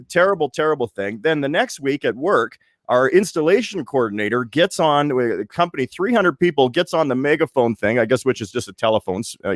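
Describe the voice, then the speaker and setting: A man from Winnipeg in his late forties, co-hosting a podcast and telling a story in lively casual chat, acting out the voices as he goes. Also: mid-range voice, dry recording, studio quality. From Winnipeg, Canada. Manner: animated storyteller, restarts and acts out voices. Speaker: podcast co-host.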